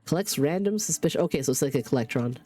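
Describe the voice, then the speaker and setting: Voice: mid-range voice, expressive, fast, dark tone, faint music behind. A livestreamer with a stuffy nose from a cold, chatting casually while playing a game and talking through each in-game task aloud. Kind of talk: casual gaming stream chat.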